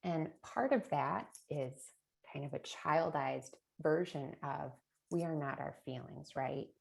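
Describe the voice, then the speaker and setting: A woman's voice: deep voice, slow, vocal fry. A middle-aged woman presenting a parenting webinar in a chatty way, often adding a rhetorical "right?" and little laughs. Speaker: early childhood presenter.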